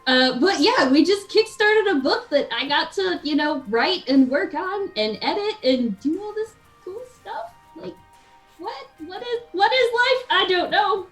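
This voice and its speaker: A woman guest on a live talk stream, chatting in an excitable, rambling way and laughing often. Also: extremely high pitch, measured pace, soft background music, rough recording. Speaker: guest, game developer and streamer. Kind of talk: casual chat.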